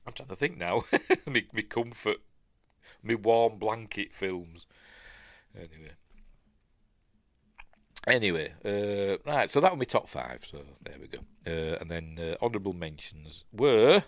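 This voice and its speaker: Rambling Yorkshire man, lively low voice. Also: a little slow, pauses often, no room sound. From Yorkshire, England. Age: older. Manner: rambling, chatty, laughs often, trails off to look things up. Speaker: podcast host. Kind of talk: casual solo chat.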